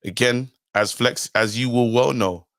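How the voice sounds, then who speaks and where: A man's voice: medium pitch, steady tone, a little slow, a bit bright, no echo, studio quality. A man co-hosting a football fan channel, defensively insisting on his point and repeating himself in heated debate.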